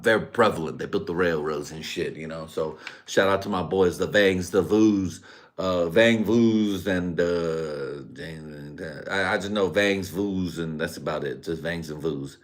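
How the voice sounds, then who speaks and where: A man's voice: low-pitched, a little slow. A man from Central California hosting a live stream, rambling through a profane casual rant with crude jokes and frequent laughter.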